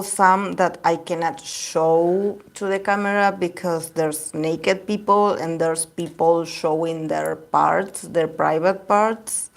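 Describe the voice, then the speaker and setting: Spanish-native woman doing a chill tarot reading, slow and low, lots of ums while she finds the words. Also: creaky. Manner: hesitant, searching for words, many fillers. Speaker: tarot reader. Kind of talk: casual tarot reading to camera.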